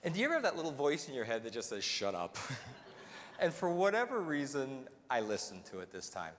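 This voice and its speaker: North American man, keynote storyteller, animated pitch, roomy hall reverb. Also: brisk. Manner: animated, self-mocking storyteller. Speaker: motivational speaker. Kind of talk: humorous storytelling speech. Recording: reverberant hall, faint noise.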